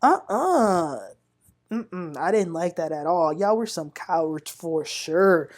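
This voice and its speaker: A woman hosting a casual reality TV recap, talking in an animated, indignant way and addressing viewers as "y'all.". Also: low voice, unhurried. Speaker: TV recap host.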